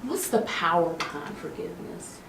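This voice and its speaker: A woman hosting a faith-based radio interview, lively and encouraging, with many affirmations. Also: on the low side, normal speed, gravelly, reverberant, distant mic, a little hiss or hum. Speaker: radio show host.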